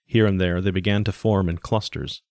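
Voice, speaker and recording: A man narrating a science fiction story in a steady, even audiobook style. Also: low-pitched, brisk, no echo, studio quality.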